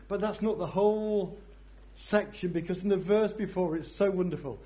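A man preaching a sermon in a reflective way, often dropping to a soft voice for emphasis. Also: high voice, moderate pace, few pauses.

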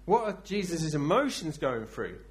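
A man preaching a sermon, acting out scenes dramatically and swinging from loud bursts to hushed, intense speech. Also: on the high side, big pitch swings, moderate pace.

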